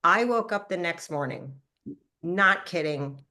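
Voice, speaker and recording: A woman in her fifties with a slightly low speaking voice tells a personal story. She is animated and quick, and her voice jumps higher whenever she acts out what she or others said. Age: 50s. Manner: animated storytelling, acting out her own past lines in a higher voice. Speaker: product formulator and brand promoter. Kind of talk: testimonial talk to a live call.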